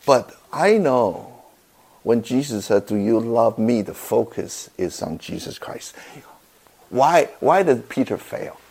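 Slow-speaking male pastor preaching. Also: medium pitch, sing-song, a little mellow. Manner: slow, halting delivery with repeated words and non-native grammar. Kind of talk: sermon.

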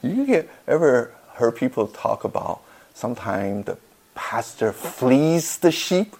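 Slow-speaking male pastor preaching. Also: mid-range voice, very animated, darkish tone. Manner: slow, halting delivery with repeated words and non-native grammar. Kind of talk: sermon.

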